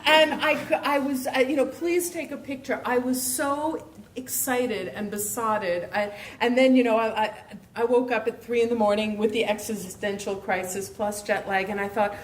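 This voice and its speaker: Woman author, animated storyteller, laughs often, fairly high voice, faint noise behind. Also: normal speed. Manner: animated, laughing, acts out her own gushing fan voice. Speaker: author panelist. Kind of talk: storytelling at a live author event. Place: event room.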